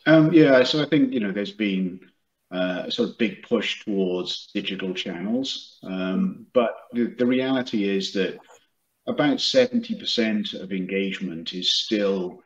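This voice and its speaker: A man's voice: fairly low pitch, unhurried. A man, a company executive, explaining his business in an interview over a video call, with many fillers and restarts. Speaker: guest, product and marketing executive. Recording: echoey room, dull lo-fi sound.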